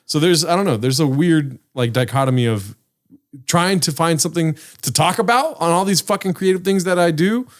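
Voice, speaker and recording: A man's voice: fairly high pitch, a little fast. A man co-hosting a podcast, talking casually and reflectively in a rambling way. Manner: rambling, reflective, lots of fillers. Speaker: podcast co-host. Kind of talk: casual chat.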